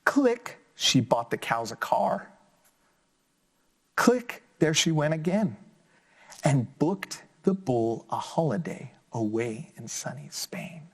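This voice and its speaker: A man reading a children's picture book aloud for a class lesson. He talks slowly and leaps high in pitch on the playful sound words. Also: husky. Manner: expressive storybook reading with big pitch jumps on sound words.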